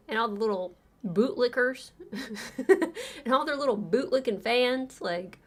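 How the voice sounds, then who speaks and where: A woman's voice: medium pitch, a bit bright. A woman livestream host chatting casually and sarcastically, laughing often as she retells a story.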